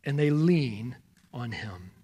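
A man's voice: medium pitch, lively intonation, takes it slowly, mellow, breathy edge. A man preaching a sermon as pastor, explaining scripture and asking rhetorical questions as he tells listeners where to turn in their Bibles. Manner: expository, poses rhetorical questions.

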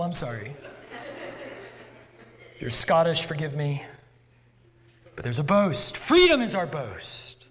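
A man's voice: on the high side, big pitch swings, measured pace, long pauses. A male pastor preaching a sermon in a church, conversational and self-deprecating. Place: church sanctuary. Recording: long church hall reverb.

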